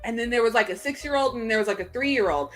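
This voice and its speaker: A woman co-hosting a casual chat show over a video call, telling animated stories and acting out the people in them. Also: a little high, fast, soft background music. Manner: animated, acts out voices while telling stories. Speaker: podcast co-host. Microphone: video call setup.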